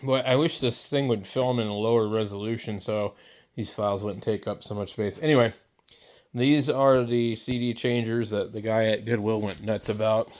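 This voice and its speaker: Blunt rambling man with a low voice. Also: fairly even intonation, normal speed, darkish tone. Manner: blunt, rambling, lots of fillers. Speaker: vlogger. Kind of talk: casual storytelling rant to camera.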